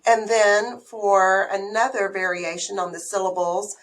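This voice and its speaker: A woman's voice: mid-range voice, little pitch movement, measured pace, rough recording. A woman teacher presenting slides, explaining the activities in a conversational way with small restarts.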